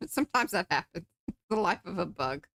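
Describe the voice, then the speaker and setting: A woman's voice: lowish voice, sing-song, moderate pace, fairly bright tone. A woman co-hosting a live art stream, joking and chatting, and reading viewer comments aloud. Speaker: co-host. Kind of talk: casual chat during a live art stream.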